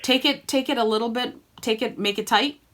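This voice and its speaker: A woman's voice: fairly high pitch, fairly quick, fairly bright tone. A woman singing teacher coaching students by name in an online group lesson, encouraging them and demonstrating sung vowels.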